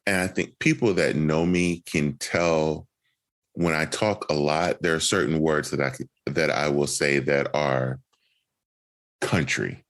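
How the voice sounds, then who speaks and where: A man hosting a podcast, from Alabama, telling relaxed, reflective stories in casual chat. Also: extremely low pitch, measured pace. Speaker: podcast host.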